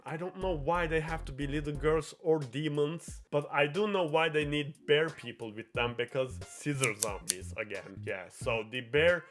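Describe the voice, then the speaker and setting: A man's voice: fairly high pitch, fairly bright tone. A young man hosting a show, retelling a game plot in a rambling, profane, giggly way. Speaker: host.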